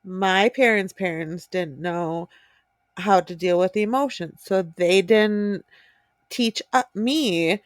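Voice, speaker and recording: A woman's voice: mid-range voice, slow, dry recording, clean studio sound. A woman co-hosting a podcast who talks in a reflective, supportive way and often chimes in. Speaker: podcast co-host. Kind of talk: casual chat.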